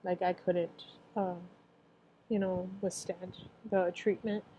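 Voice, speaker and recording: A woman's voice: fairly low pitch, flat delivery, slow pace, warm tone, lo-fi sound, a little hiss or hum. A young woman in her twenties telling her own story in a casual, rambling way, full of filler phrases and emotional at times. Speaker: cancer survivor sharing her story. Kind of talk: casual personal testimony.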